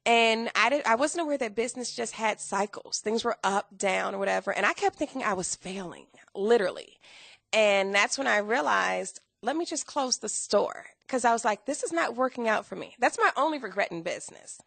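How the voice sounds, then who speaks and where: A woman in her thirties, a guest telling her story in a casual interview, animated and acting out quoted dialogue. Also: medium pitch, moderate pace, vocal fry, no room sound.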